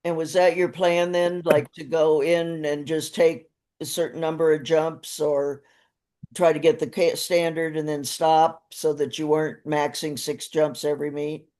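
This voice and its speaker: A woman's voice: low voice, little pitch movement, measured pace, mellow. A woman hosting an interview on a coaching call, asking long, rambling questions and laughing often. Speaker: interview host.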